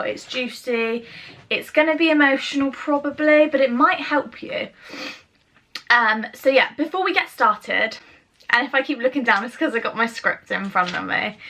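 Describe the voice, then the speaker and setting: A woman's voice: on the high side, sharp tone. A young woman speaking to camera in a personal vlog, chatty and rambling, with fillers and self-interruptions. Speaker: YouTuber.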